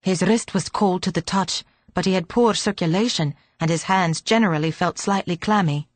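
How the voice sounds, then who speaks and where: A man's voice: sits high, moderate pace, dry recording, close to an everyday voice. A woman voicing an earnest, courteous young male doctor who speaks in polite, formal sentences.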